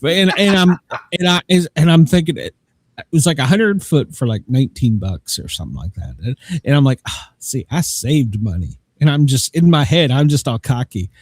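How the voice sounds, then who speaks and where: A man hosting a casual podcast, telling stories in a rambling, self-mocking way and laughing at his own jokes. His pitch swings widely as he talks. The sound is close and dry. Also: animated, brisk, dry recording. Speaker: podcast host. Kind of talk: casual chat.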